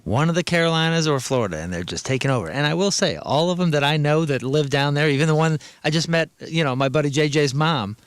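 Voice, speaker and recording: A man co-hosting a radio comedy show, chatting in a relaxed, folksy way. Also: a little high, fast, few pauses, clean tone, no echo, clean studio sound. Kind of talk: casual chat.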